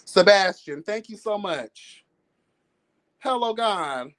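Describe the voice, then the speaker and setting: At home with her cats, a livestream host offers casual gossip commentary, sassy and chatty, calling listeners girl and honey while breaking into bits of song and laughing. Her voice is medium-pitched, expressive, slow and a bit bright.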